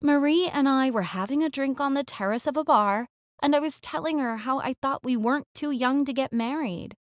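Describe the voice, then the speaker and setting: A young woman singer, read by a female audiobook narrator, pleading softly with an ex she hurt. Her voice sits a little high and earnest. The read is close and dry, with no room around it. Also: normal speed, no room sound, close to an everyday voice. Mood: defensive. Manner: soft, pleading, defensive. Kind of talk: audiobook character dialogue. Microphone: close studio mic.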